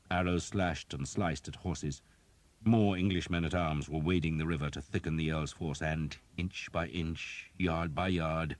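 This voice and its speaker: A man narrating a historical audiobook in a grave, steady storytelling voice. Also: rumbling low, no echo. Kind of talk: scripted narration.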